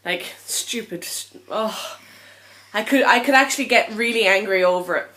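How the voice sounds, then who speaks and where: A woman's voice: mid-range voice, moderate pace, sharp tone. Tired, chatty young woman vlogging. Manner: chatty, rambling, frank, with frequent ums. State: tired and a little out of breath. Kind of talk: casual chat to camera.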